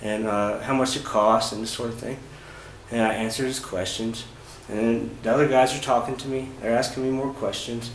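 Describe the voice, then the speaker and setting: A man in a reverberant room tells a travel story in a relaxed, rambling way. He pauses often on fillers and restarts his sentences. A faint ambient hum sits under the voice. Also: medium pitch. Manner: halting, many fillers and restarts. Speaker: travel vlogger. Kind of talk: casual first-person storytelling. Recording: roomy echo with faint ambient noise.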